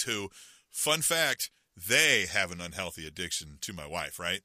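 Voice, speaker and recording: A man's voice: fairly low pitch, sharp tone, no room sound. A middle-aged man co-hosting a podcast, telling a rambling, self-mocking story in casual chat with lots of fillers. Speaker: podcast co-host.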